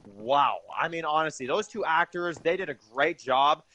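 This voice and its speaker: A man's voice: fairly high pitch, moderate pace, sharp tone. A young man giving an enthusiastic, rambling casual review of a TV episode, full of fillers.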